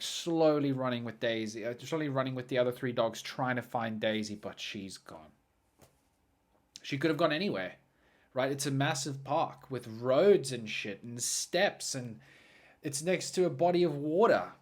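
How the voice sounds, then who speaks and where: A man hosting a podcast who tells a story casually and animatedly, jumping from loud excited bursts to quiet muttering. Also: medium pitch, moderate pace. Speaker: podcast host.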